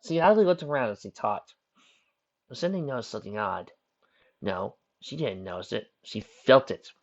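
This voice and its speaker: A man's voice: medium pitch, moderate pace. A man reading fan fiction aloud in plain narration, stumbling over words now and then. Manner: plain, even narration with slips and restarts. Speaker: reader. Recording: dull lo-fi recording.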